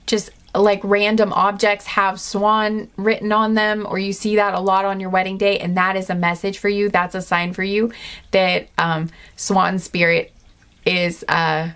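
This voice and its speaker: Female card reader with an everyday mid-range voice, speaking slowly, gentle and rambling, thinking aloud. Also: mid-range voice, level tone, clear, resonant tone. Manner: rambling, many fillers and restarts; gentle, earnest and chatty. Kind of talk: intuitive pick-a-card reading.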